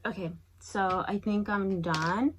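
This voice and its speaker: A young woman vlogger telling a lively story while doing her makeup. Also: slow pace, slight background noise, low-quality recording. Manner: lively storyteller, acts out quotes in a high voice. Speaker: beauty vlogger.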